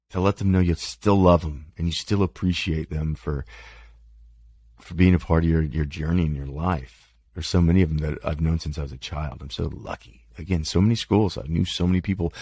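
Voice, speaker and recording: A man with a very low, gravelly voice talks in a loose, rambling monologue, frank and profane, laughing at himself. His voice is husky and a little dry-mouthed, recorded close with no room sound. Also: a little mellow, no echo. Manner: candid, profane, self-deprecating. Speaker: podcast host.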